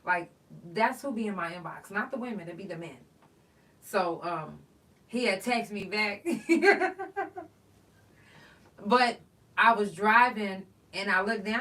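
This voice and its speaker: Animated woman storyteller, off-mic. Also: mid-range voice, a little slow, pauses often, far from the mic, rough recording. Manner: animated storytelling, swearing, acting out texts. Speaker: podcast host. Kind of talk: casual solo chat.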